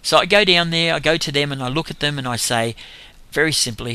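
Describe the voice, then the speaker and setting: An older man, telling a lively testimony about his street evangelism, laughing as he goes. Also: on the high side, a little fast, smooth. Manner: animated storytelling with laughs. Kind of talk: testimony talk.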